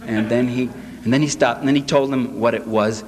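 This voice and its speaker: A man giving a live political lecture to an audience, sarcastic and animated, mocking the people he quotes. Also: mid-range voice, a little fast. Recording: echoey hall, faint hiss.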